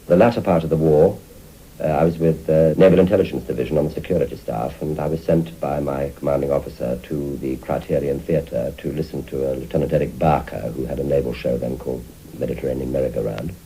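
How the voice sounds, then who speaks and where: An older man in an interview, telling an animated anecdote and acting out the voices. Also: very deep voice, fast, husky, poor audio. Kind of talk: anecdotal reminiscence.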